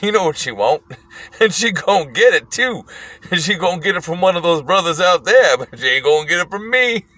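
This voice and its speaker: A man's voice: sits high, very animated, a little fast, sharp tone, voice pushed up, full character voice. A man voicing a rowdy old one-eyed man who rants profanely on a bus, growling and preachy. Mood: mocking.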